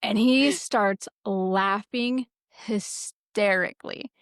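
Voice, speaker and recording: A woman's voice: medium pitch, takes it slowly, clear, resonant tone, no room sound, studio quality. Foul-mouthed woman telling a story. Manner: profane, lively, laughs while telling stories. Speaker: podcast host; former military security forces sergeant. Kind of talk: casual storytelling.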